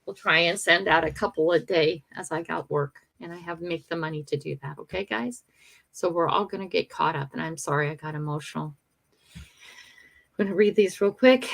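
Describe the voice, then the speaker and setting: Older female streamer, gravelly low voice, chatty and heartfelt with viewers. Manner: chatty, emotional, talks to viewers. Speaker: livestream host. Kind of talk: casual morning livestream chat.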